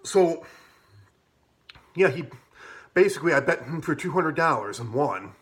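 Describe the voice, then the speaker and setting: A man's voice: on the high side, animated, a little slow, a bit bright. A man telling a casual personal story, rambling and profane, full of fillers. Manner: rambling, profane, many fillers like "like" and "you know". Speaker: vlogger.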